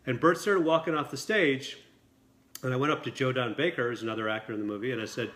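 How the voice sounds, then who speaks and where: A man, a film director and guest, telling a lively anecdote at a dinner table interview. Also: mid-range voice. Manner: quick, lively storytelling with acted quotes.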